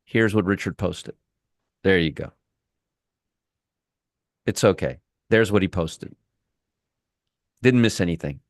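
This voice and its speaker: A man's voice: sits low, slow, long pauses, no echo, clean studio sound. A man hosting a live trading room, commenting on the market with heavy sarcasm, restarting and trailing off as he works his screens. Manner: sarcastic, talks to viewers and chat.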